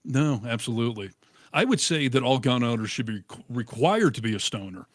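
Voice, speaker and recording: A middle-aged man in casual chat, telling stories with animated, acted-out quotes. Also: mid-range voice, brisk, dry recording, studio quality. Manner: animated storyteller, acts out quotes. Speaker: co-host.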